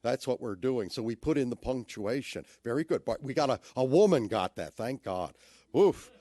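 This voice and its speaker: A man's voice: mid-range voice, animated, moderate pace, mellow, no room sound. A man giving a talk on audio description who playfully demonstrates inflection with theatrical shifts in emphasis. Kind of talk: lecture with spoken demonstrations.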